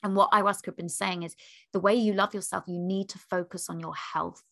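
A woman author telling a candid personal story in an animated way, laughing and acting out what people said. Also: mid-range voice, brisk, gravelly.

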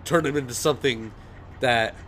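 A young man hosting a podcast and telling a story in loose, rambling chat. His voice sits at an ordinary middle pitch with a faint hiss underneath. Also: normal speed, fairly bright tone. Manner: rambling storyteller, leans on "and everything". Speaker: podcast host. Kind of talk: casual chat.

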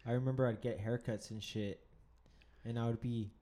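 A man's voice: mid-range voice, fairly even intonation, moderate pace, dark tone. A young man in a casual podcast chat, frankly and profanely telling an embarrassing childhood story. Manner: frank, self-deprecating, profane.

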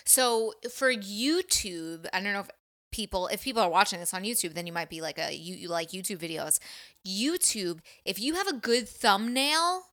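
A woman co-hosting a podcast in casual chat, chatty and quick to agree. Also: mid-range voice, animated, fairly bright tone, no echo, clean studio sound. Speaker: podcast co-host.

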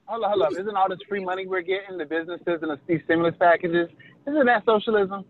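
A man's voice: high voice, fast talker. A man co-hosting a casual political chat, cutting in with joking and contrarian remarks. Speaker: podcast co-host. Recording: tinny phone line.

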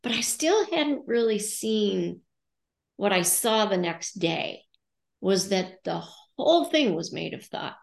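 A woman's voice: medium pitch, big pitch swings, slow pace, creaky, echoey room. A middle-aged American woman coaching and podcasting, speaking thoughtfully as she acts out her own inner dialogue. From United States. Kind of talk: reflective casual podcast talk.

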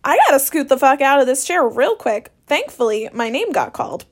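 A woman's voice: high voice, sing-song, fairly quick. A young woman telling stories in a casual monologue, swearing freely and sarcastic in a ranting way. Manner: profane, sarcastic, rant-like.

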